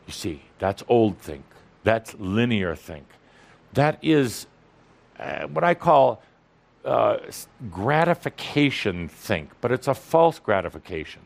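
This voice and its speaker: A man's voice: fairly low pitch, very animated, slow, gravelly. A man speaking to an audience as a spiritual teacher. He teases and provokes, and he repeats lines for emphasis. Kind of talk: teasing, lively spiritual talk.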